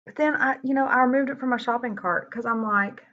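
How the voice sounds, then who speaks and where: This beauty vlogger's voice sits on the high side and moves a little fast. She keeps her makeup tutorial casual and candid, dropping "y'all" frequently, over dull, lo-fi sound.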